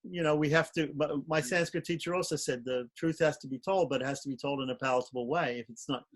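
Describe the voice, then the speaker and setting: Reflective man talking in a halting way. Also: fairly high pitch. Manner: reflective, halting, many restarts. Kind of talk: casual advice talk.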